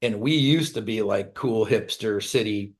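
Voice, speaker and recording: Rambling middle-aged rock singer telling stories. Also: male voice, lowish voice, a little slow. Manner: animated storyteller, acts out quotes in raised voices, laughs often; loose, rambling, swears casually. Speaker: songwriter and band singer, interview guest. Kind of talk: casual storytelling interview.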